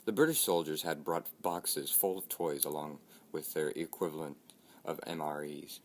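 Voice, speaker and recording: A man giving measured, scripted narration of a story. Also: extremely low pitch.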